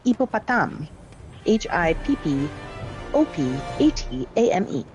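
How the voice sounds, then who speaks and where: A middle-aged woman chatting casually with friends while playing a game, telling stories in a lively, chatty way. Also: low voice, a little slow, music in the background. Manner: chatty storytelling, lively retelling of exchanges. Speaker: parent and gamer. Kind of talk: casual chat while gaming.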